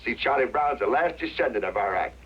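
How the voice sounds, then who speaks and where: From a 1960s TV drama, with its dull lo-fi soundtrack and faint hiss, an actor's mid-range, expressive, brisk, slightly rough voice portrays a retired vaudevillian dog act performer turned farmer. The jovial old man wisecracks folksily and laughs at his own gags.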